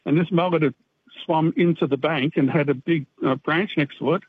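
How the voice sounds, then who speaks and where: Rambling caller on a tinny line. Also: male voice, fairly high pitch, breathy edge, no room sound. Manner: unhurried, rambling with fillers. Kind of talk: storytelling on a call-in.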